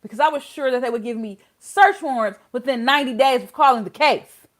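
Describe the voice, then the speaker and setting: A woman hosting a casual legal commentary vlog, talking bluntly and swinging from loud outbursts to quiet asides. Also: sits high, a little fast. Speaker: host of a legal commentary channel.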